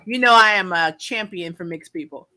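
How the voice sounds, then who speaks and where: A woman hosting a casual chat, telling animated stories and acting out what other people said. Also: lowish voice, moderate pace. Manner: animated storytelling, frequent laughter, acted-out quotes. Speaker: show host.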